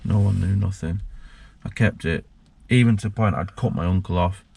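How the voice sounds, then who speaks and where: A man, a former prisoner, telling his story with halting emotion and many restarts. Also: low voice, gravelly, a little mellow, slightly rough. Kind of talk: candid personal storytelling.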